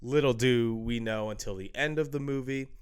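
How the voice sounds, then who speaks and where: A man's voice: mid-range voice, moderate pace, clear, resonant tone. A man hosting his own movie review, talking casually and with enthusiasm, rambling through his opinions.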